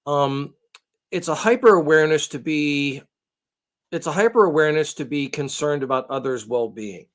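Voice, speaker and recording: A man's voice: a little high, normal speed. A man co-hosting a casual podcast, rambling and hesitant, with many restarts. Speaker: podcast co-host. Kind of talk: casual chat.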